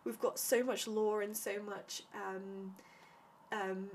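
A woman's voice: medium pitch, level tone, slow pace. Young woman, casual vlogger energy, eager and rambling, mid-range voice, faint background hiss. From Britain. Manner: enthusiastic, chatty, heavy use of "like" and "um". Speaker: vlogger reviewing a TV series. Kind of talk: casual spoken review.

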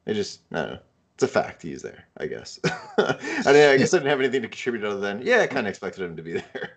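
A man's voice: lowish voice, very animated, fast, breathy edge. A man co-hosting a casual podcast, rambling and trailing off unsure of his point. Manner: rambling and unsure, often trailing off with "I don't know". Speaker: podcast co-host. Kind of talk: casual chat.

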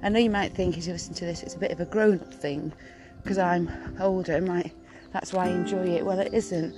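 A middle-aged woman from the Peak District, hosting a casual podcast outdoors, gentle and encouraging and a little out of breath. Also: lowish voice, fairly even intonation, a little fast, over music, low-quality recording. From Peak District, England. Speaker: podcast host. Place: small wood outdoors, birds around, distant traffic.

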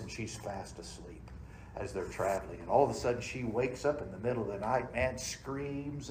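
A man preaching a sermon in a church, folksy and dramatic, swinging between loud emphasis and hushed tones. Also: mid-range voice, a little hiss or hum. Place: church sanctuary. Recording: roomy church sound.

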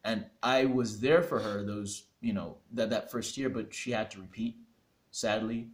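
A young man telling a personal story as a guest in an interview, animated and laughing, acting out quoted dialogue. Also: lowish voice, a little slow.

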